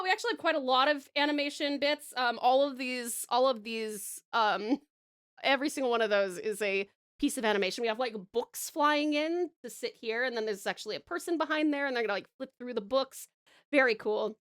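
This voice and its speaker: A woman's voice: fairly high pitch, brisk, fairly bright tone, clean tone. An Australian woman streaming live, chatting casually with viewers and gushing over their art, with lots of ums along the way. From Tasmania, Australia. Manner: bubbly, gushing, many ums. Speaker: streamer and artist.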